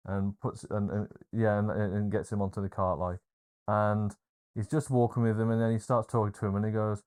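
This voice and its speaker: A man's voice: fairly low pitch, normal speed, clean tone. A man co-hosting a podcast, retelling film scenes in a casual chat, with plenty of fillers and hesitations. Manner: animated storyteller, hesitant with fillers. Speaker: podcast co-host.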